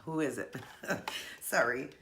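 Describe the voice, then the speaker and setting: A woman in her forties, a vlogger chatting casually while unboxing a gift, gushing and sentimental with breathy laughs. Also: extremely low pitch, takes it slowly, fairly bright tone, slight background noise. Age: 40s.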